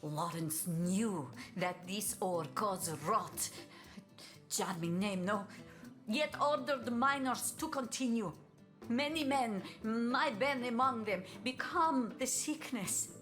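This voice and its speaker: A fiercely loyal, grieving mother from a video game speaks slow, broken English with a thick Italian accent. Her voice sits a little high, and she stops now and then to hunt for words. Soft game music plays behind her. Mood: grim. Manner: broken English, halting "how you say" asides. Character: middle-aged mother, a grieving, fiercely loyal source hunter.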